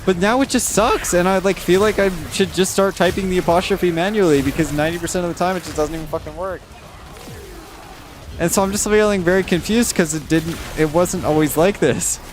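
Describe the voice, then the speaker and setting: A man's voice: fairly quick, slight background noise. Exasperated swearing streamer man. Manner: ranting, frequent swearing, rising exasperated pitch. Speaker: livestreamer. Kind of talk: casual chat reading viewer comments.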